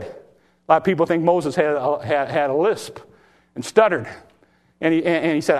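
A man preaching a sermon, folksy and impassioned, acting out Bible stories in plain talk. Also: brisk. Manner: impassioned, pitch rising when exhorting; acts out Bible dialogue in folksy speech.

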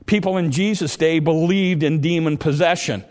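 A man's voice: on the high side, normal speed, darkish tone, big-room sound. A man preaching a sermon in an earnest, plain way, often repeating and restarting his words.

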